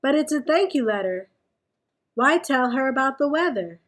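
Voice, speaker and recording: Lady doing an eager little rabbit from a storybook, high and chatty. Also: expressive, normal speed.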